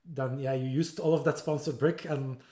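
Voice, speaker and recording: A man hosting an interview over a video call, speaking haltingly with many fillers and restarts. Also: medium pitch, steady tone, mellow. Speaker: host, interviewer. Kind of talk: casual interview chat. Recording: echoey room.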